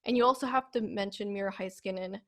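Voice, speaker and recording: A young woman co-hosting a casual hockey talk show, animated and hedging as she talks. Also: medium pitch, fast talker. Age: young adult. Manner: animated, hedging with "like" and "I don't know". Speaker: co-host.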